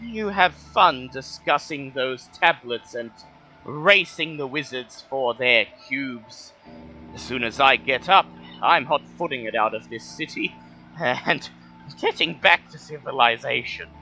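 A man's voice: medium pitch, measured pace, sharp tone, faint music behind, low-quality recording. A man voicing a weary male jungle guide who talks nervously and a little shaken.

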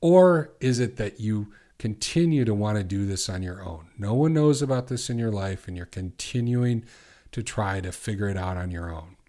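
A middle-aged man hosting a podcast as a recovery coach, asking earnest questions and slowing down to repeat affirmations. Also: lowish voice, expressive, warm tone. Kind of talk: coaching monologue.

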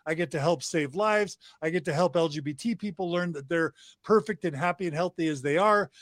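A man's voice: sits high, no room sound, clean studio sound. A middle-aged man, a podcast guest, talking with passion and piling up emphatic lists of praise. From United States. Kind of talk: enthusiastic interview talk.

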